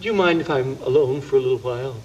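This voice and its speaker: A man's voice: mid-range voice, quick pace, a little mellow, lo-fi sound, a little hiss or hum, close to an everyday voice. A man voicing a vain, melodramatic dragon puppet who moans and wails over his troubles. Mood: moaning. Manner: moaning, melodramatic wailing.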